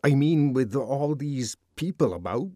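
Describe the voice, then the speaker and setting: A man's voice: mid-range voice, expressive, measured pace, warm tone, no room sound, studio quality, pitched above the performer's own voice. A man voicing an awkward, nervous young man in an audiobook, stammering and hesitant. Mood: flustered.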